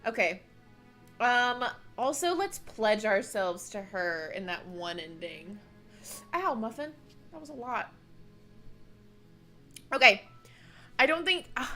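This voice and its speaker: Streaming a game from home into a desk microphone, a young woman talks at medium pitch with a sharp tone. She chats with her livestream audience, gushing and emotional, and slips into baby talk with her pets.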